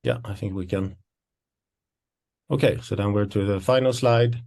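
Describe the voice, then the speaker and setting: A man's voice: on the low side, steady tone, normal speed, creaky, darkish tone. A man, an associate professor presenting study programmes in a webinar, slightly out of breath and hesitant as he explains.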